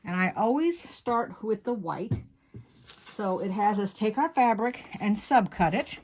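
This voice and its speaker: A woman's voice: medium pitch, animated, measured pace, a little mellow, slight background noise. Chatty woman teaching quilt cutting. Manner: chatty and folksy, stops to correct herself. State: slightly out of breath. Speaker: quilting channel host. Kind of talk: casual step-by-step sewing tutorial.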